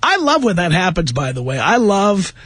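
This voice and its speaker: High, lively male talk radio host. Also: moderate pace. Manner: chatty, laughs often, acts out voices. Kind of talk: casual talk radio monologue. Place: radio studio. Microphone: studio microphone.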